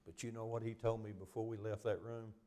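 A man preaching at a church revival, telling a story that swings from loud outbursts to hushed near-whispers. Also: on the low side, little pitch movement, a little fast.

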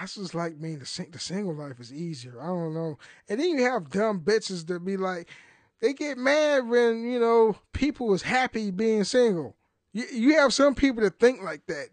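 A high-pitched young man, captured in a dry recording, runs a solo podcast full of rambling, swearing small talk. He laughs a lot and frequently starts sentences over.

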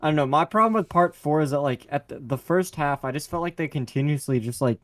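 A man's voice: on the high side, fast talker, a bit bright. A young man co-hosting a podcast in casual chat, giving blunt, offhand opinions. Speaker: podcast co-host.

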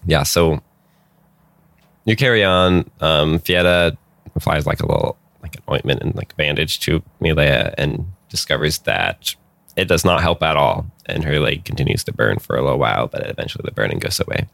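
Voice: extremely low pitch, lively intonation, normal speed, vocal fry, fairly bright tone, dry recording. A game master narrating a tabletop game, giggly and rambling with many fillers.

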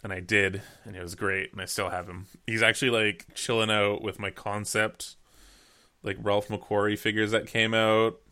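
A man co-hosting a podcast, talking in an excitable, profane way and laughing often. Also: fairly low pitch, normal speed, clear, resonant tone. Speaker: podcast co-host. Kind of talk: casual chat.

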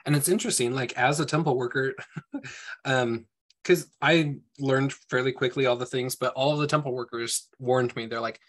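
A man of ordinary pitch who speaks in a thoughtful, reflective way and carefully hedges what he says. He shares his view in a relaxed group discussion. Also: normal speed. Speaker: temple worker.

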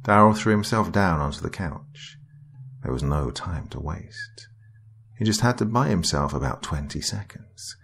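Deep gravelly male horror narrator. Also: lively intonation, measured pace, fairly bright tone.

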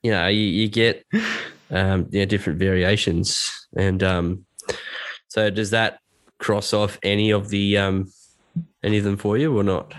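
A man's voice: fairly low pitch, flat delivery, measured pace, dry recording. An Australian man, a podcast guest, chatting casually in a jokey, rambling, self-deprecating way. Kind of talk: casual chat.

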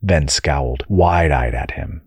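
A man reading an audiobook with measured, steady storytelling. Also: rumbling low, slightly rough, no room sound. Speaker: audiobook narrator. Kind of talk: scripted narration.

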